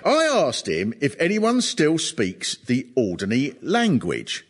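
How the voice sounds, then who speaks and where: Male comedian, husky and animated, spinning comic tales and laughing along as he goes. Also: medium pitch, slow pace. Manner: animated, laughs often at his own stories. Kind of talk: comic storytelling monologue.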